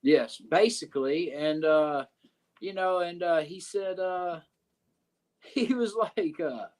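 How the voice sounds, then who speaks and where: Slow and fairly high-pitched, a wrestler guest with a Southern US drawl recounts a locker-room story on a podcast. The telling is profane and rambling, sprinkled with "uh" and "you know what I'm saying."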